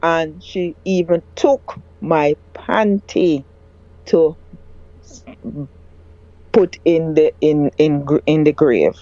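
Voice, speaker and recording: A woman recounting a personal story as a guest, halting and often restarting her words. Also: low voice, mellow, dry recording. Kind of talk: emotional personal account. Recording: dull lo-fi dry sound.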